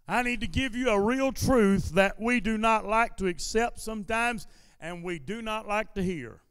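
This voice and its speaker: A male pastor preaching a sermon in a church service. He repeats his lines in a steady preaching cadence and builds them up into shouted declarations. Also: sits high, normal speed, clear, resonant tone, no echo, studio quality, long reverb tail. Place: church sanctuary during a service.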